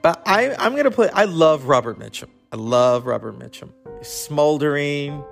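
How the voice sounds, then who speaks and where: A man's voice: a little high, lively intonation, normal speed, vocal fry, hardly any pauses, soft background music. A man hosting a casual, rambling, enthusiastic chat about classic films. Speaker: host.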